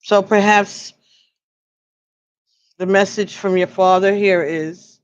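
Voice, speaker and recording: A woman giving an oracle card reading on a livestream, musing slowly and pausing as if listening for messages. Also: mid-range voice, fairly even intonation, highs cut off. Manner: slow, musing, pauses to listen.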